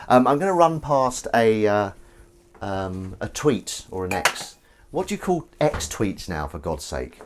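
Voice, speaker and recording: An English man hosts a relaxed stream, chatting and punning with his viewers in a playful, rambling way. His pitch swings about lively as he talks. Behind him, dishes and cutlery clatter over a steady noise. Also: unhurried. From England. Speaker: livestream host reading chat. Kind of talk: casual chat while washing up.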